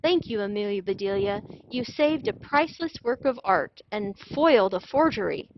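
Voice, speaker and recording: A woman doing an excitable male museum director. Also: medium pitch, normal speed, highs cut off, a little hiss or hum, lightly acted. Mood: lively. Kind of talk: children's storybook read-aloud.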